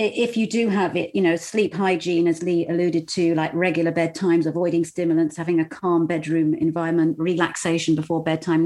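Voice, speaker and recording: Confident woman explaining dream meanings. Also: fairly low pitch. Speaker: dream interpreter guest. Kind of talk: expert commentary.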